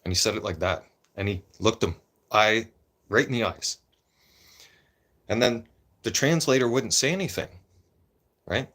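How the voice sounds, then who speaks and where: Speaking a little slowly with long pauses, this Canadian man has a fairly low, slightly bright voice. As a vlogger, he delivers a casual political rant straight to camera, opinionated and rambling, repeating points and tacking "right?" onto his lines.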